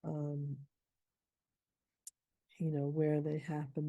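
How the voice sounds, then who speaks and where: Low, mellow-voiced woman teaching poetry. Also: steady tone, no room sound. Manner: thinking aloud, slow deliberate reading of verse lines. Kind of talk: informal scansion lesson.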